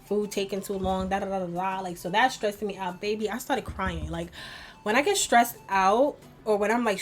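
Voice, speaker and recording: A young woman chatting and venting while doing her makeup at home, rambling with many fillers. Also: mid-range voice. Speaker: beauty vlogger. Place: home bedroom at a vanity.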